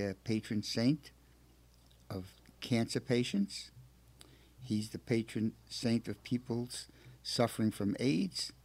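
Male radio host, affectionate and halting, mid-pitched voice, dry room, reads aloud. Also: darkish tone, no room sound. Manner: halting, repeats words, affectionate. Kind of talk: radio talk show, reading a saint's life aloud.

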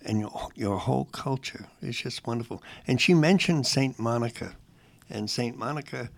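A man hosting a faith radio show, chatting casually with a halting, warm manner. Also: mid-range voice, vocal fry, no room sound. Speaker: radio host.

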